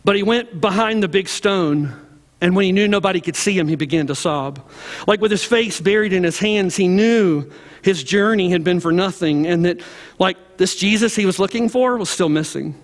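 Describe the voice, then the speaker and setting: Male pastor, high voice, storytelling sermon, long hall reverb. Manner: conversational, frequent "like" fillers, slows and softens toward the end.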